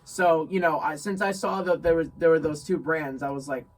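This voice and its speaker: Young man from New York, animated storyteller. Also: on the high side, normal speed, recorded from a distance, poor audio. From New York State. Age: young adult. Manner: animated, laughing, repeats phrases. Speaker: guest friend. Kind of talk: casual storytelling chat.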